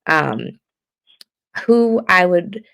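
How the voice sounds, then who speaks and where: A woman's voice: lowish voice, very animated, extremely slow, gravelly, fairly bright tone. A woman chatting casually on a podcast, rambling through lots of fillers and laughing often. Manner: giggly, rambling with many fillers. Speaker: podcast co-host. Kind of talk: casual chat.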